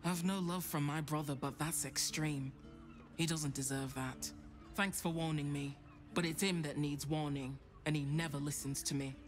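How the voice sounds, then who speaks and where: A brusque video game shopkeeper, sharp-tongued tailor, quick to take offence, faint background music. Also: female voice, low voice, steady tone. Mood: worried. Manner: brusque, defensive, curses casually. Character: prickly woman tailor running her own shop.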